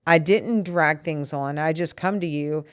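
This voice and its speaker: Her voice sits low and unhurried as this podcast co-host works through a disagreement with her partner in a frank couple's conversation. She explains at length and earnestly, often restarting her sentences. The recording is clean studio sound without room noise.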